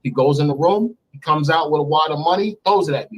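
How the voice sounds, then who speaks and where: A man in his thirties, recounting a story candidly and profanely in an interview, getting animated as he goes. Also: quick pace, a little hiss or hum, rough recording. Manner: animated, profane, climbs high when excited. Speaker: interview guest. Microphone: remote stream mic.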